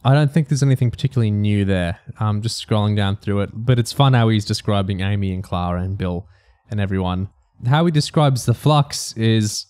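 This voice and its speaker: A man's voice: fairly low pitch, brisk, a little mellow, clean tone. A man co-hosting a podcast, discussing a book and reading passages from it aloud. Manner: reads quoted passages aloud between comments. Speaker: podcast co-host.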